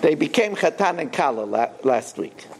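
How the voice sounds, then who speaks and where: A man's voice: fairly high pitch, sing-song, normal speed, slight background noise. An older man, a rabbi, telling a story in a sermon and acting out the quoted dialogue with animation.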